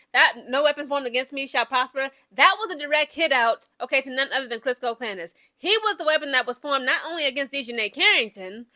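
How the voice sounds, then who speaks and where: A woman's voice: sits high, expressive, fast, hardly any pauses, pushed and bright. A woman giving casual, opinionated sports gossip commentary to her viewers, chatty and emphatic, often tossing in "okay?". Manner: chatty, keeps asking "okay?" and addresses viewers directly.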